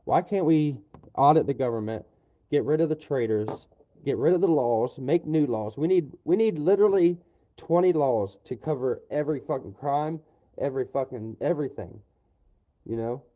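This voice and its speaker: A man's voice: medium pitch, animated, moderate pace, dark tone, rough recording. A man on a livestream, ranting angrily about politics, swearing often and ending lines with "you know". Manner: profane, repetitive, keeps tagging lines with "you know". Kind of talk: angry political rant on a livestream.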